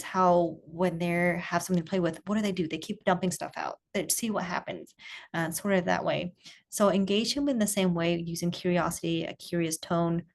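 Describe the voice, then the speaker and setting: Calm encouraging woman coaching parents. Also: fairly low pitch. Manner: calm, encouraging, curious questioning tone. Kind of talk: online group coaching session.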